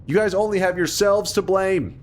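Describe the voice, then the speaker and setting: A man's voice: high voice, moderate pace. A man in his thirties chatting casually on a livestream, ranting and joking with lots of swearing. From United States. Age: 30s. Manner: ranting, profane and jokey with chat.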